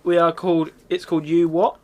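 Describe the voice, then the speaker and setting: A man's voice: on the high side, little pitch movement, a little fast. A man co-hosting a podcast, teasing his friends with incredulous questions. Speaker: podcast co-host. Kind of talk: casual banter.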